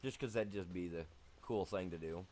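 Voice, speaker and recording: His voice sits low with a darkish tone as he streams a farming game at a moderate pace. He talks to chat in a rambling, casual way, sprinkling in lots of "you know."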